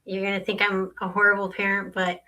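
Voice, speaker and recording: A middle-aged woman talks casually as a podcast guest and laughs easily. Her voice is bright and forceful at a mid pitch. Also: completely flat delivery, a little fast. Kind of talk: casual chat.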